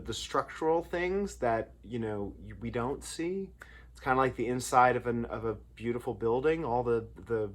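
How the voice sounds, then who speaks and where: A man of middling pitch talks through songwriting craft in a loose, anecdotal way. He circles back on himself often, with fillers and restarts, like someone thinking aloud. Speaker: songwriter and lyricist. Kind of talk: casual talk on songwriting craft.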